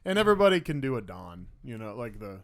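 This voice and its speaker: A man's voice: medium pitch, sing-song, fast, a crowd in the background. A man co-hosting a podcast, easygoing and laughing along in casual chat. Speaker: podcast co-host.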